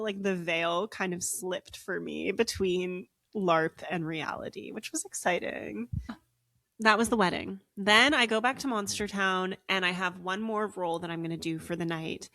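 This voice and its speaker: A woman's voice: on the low side, no echo, clean studio sound. A young woman hosting a podcast, telling a long story in casual chat with lots of "like" fillers. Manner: animated, frequent "like" fillers. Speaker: podcast co-host.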